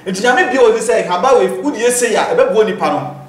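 Ghanaian prophet teaching in an echoey room. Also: male voice, high voice, lively intonation, fast. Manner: preacherly, cites scripture. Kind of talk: teaching in an interview. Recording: roomy echo.

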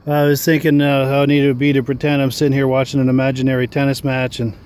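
A man's voice: mid-range voice, completely flat delivery, fast, darkish tone, smooth. A man talking casually in a rambling, chuckling monologue while sitting outdoors on a park bench. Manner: rambling, chuckling, filler-laden. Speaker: vlogger.

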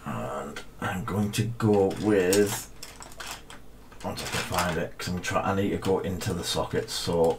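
A man's voice: low voice, unhurried, background noise. A man chatting casually on a live stream while painting miniatures, thinking aloud in a rambling, half-mumbled way.

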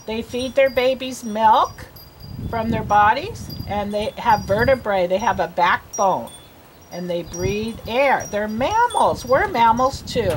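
A woman's voice: on the high side, expressive, takes it slowly. A woman reading teacher reading a storybook aloud to children, patient and encouraging. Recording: noisy home recording.

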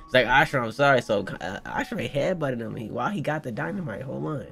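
A man giving live, slang-heavy reaction commentary, reading character lines aloud in his own voice and shouting with laughter when he gets hyped. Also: mid-range voice, sing-song, fast, creaky, soft background music. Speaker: manga reaction streamer.

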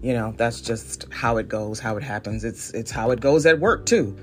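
This podcast host, a woman in her forties from Northeast Ohio, has a very deep voice and talks at a normal speed with music behind her. Her casual solo monologue is chatty and self-deprecating, punctuated by frequent laughter.

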